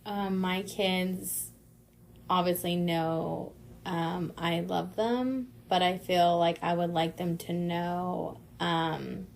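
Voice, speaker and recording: A woman's voice: lowish voice, fairly even intonation, slow, creaky, darkish tone, slight background noise. A woman co-hosting a casual podcast, talking hesitantly with many fillers. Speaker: podcast co-host. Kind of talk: casual chat.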